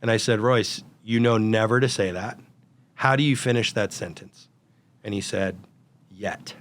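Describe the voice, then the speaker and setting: A man in his forties, a guest on an interview show, telling animated stories full of quoted dialogue. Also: lowish voice, normal speed. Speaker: guest, real estate brokerage founder. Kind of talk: storytelling in a casual interview.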